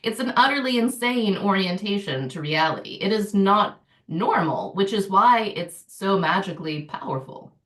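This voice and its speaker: A middle-aged woman talking as a podcast guest, an animated storyteller who laughs often. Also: mid-range voice, moderate pace, few pauses, reverberant, distant mic. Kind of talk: casual podcast conversation.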